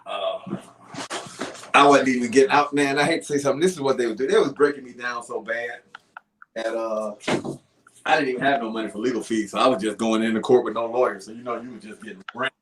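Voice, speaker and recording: A young adult man telling his own story in casual podcast talk, animated and profane. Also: mid-range voice, quick pace, slight background noise.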